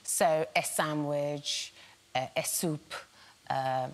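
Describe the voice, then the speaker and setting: A woman's voice: deep voice, fairly even intonation, very slow. A woman comedian on a panel show, telling a jokey story in a chatty, self-interrupting way. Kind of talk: comic anecdote on a panel show. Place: TV studio with live audience.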